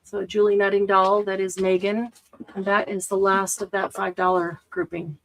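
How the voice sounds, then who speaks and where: A woman's voice: medium pitch, level tone, normal speed, rough recording. A woman hosting a casual live-stream craft sale, chatting as she shows items and counts stock.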